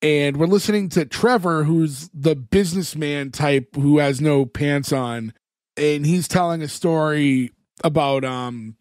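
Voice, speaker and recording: A man's voice: on the high side, unhurried, a little mellow, dry recording. A man co-hosting a podcast, casually recapping a TV episode in a rambling way full of fillers. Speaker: podcast co-host.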